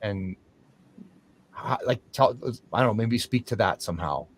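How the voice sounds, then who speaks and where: A man host speaks in a reflective, rambling way, circling back over his thoughts. His voice sits a little low. He searches for words as he goes. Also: moderate pace. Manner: reflective, rambling, with restarts and fillers. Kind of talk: conversational talk show discussion.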